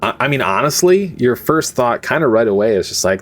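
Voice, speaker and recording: A man's voice: medium pitch, sing-song, brisk, faint music behind. A young man running a tabletop game as game master, narrating casually at home into his own microphone, rambling with lots of "like" and "um" and laughing easily.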